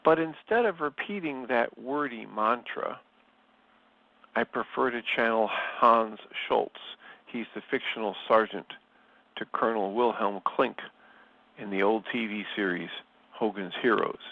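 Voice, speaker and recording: A man leading a spiritual study, reading passages and reflecting on them in a slow, measured and thoughtful way. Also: lowish voice, no room sound. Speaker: study group leader. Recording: slightly dull, lo-fi sound.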